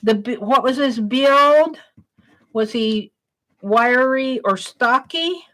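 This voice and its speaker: A woman hosts her own art stream, reading each viewer question aloud as she writes it down. She talks slowly and calmly and keeps praising the questions. Her voice sits high and sounds bright. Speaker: art livestream host.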